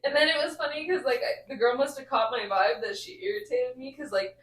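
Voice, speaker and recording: A woman's voice: sits high, a little fast. A young woman, a podcast host, telling stories in casual chat and laughing often. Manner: laughing, animated storytelling. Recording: echoey room, mic far off.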